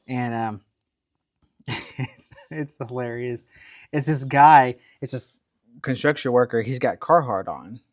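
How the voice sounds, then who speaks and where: A man co-hosts a relaxed podcast, laughing often as he tells stories and plays out the lines of the people in them. His voice sits mid-range and sounds dry and close to the mic. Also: medium pitch, no echo. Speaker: podcast co-host. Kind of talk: casual chat.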